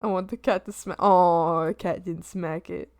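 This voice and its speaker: A young adult woman chatting casually on a live stream, animated and laughing often as she talks with viewers. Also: fairly low pitch, normal speed. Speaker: art streamer.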